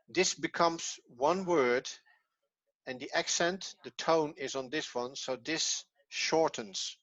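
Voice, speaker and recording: A man teaching a Hebrew class online, patient and encouraging, often pausing and restarting. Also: medium pitch, a bit bright, dry recording. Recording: dull, lo-fi, dry.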